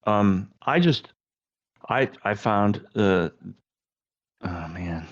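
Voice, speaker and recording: A man's voice: fairly low pitch, lively intonation, very slow, dull audio. A man on a movie podcast panel, casually giving his pick with hesitant, stumbling restarts.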